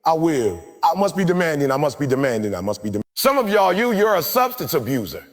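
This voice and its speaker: Man, motivational speaker, preaching, call-and-response chanting, lively swooping delivery, long hall reverb, faint music underneath. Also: fairly high pitch, brisk. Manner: forceful, repetitive exhortation. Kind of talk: live motivational speech. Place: large hall with an audience.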